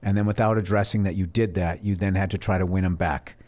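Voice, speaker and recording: Profane, animated storytelling man. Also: low-pitched, quick pace. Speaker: guest comedian. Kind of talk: casual comedy podcast chat.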